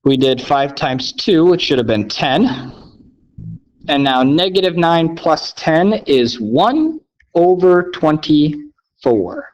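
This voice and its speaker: Math teacher guy, kinda high voice, upbeat and a bit sarcastic, keeps saying okay, dull lo-fi audio. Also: big pitch swings, takes it slowly. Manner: upbeat, playfully sarcastic, says "okay?" often. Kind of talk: recorded video lesson. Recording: dull lo-fi sound.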